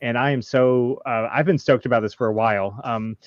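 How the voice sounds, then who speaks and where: A man hosting a casual panel chat, halting with many ums and nervous laughs. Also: medium pitch, steady tone, dry recording, lo-fi sound. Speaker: podcast host.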